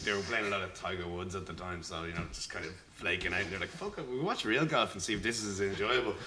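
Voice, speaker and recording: A man's voice: low voice, fast talker, pushed and bright, a little hiss or hum. A man, a band member, telling a rambling story and groping for words as a podcast guest. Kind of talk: casual storytelling. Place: bar. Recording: bar with crowd chatter. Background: pub crowd.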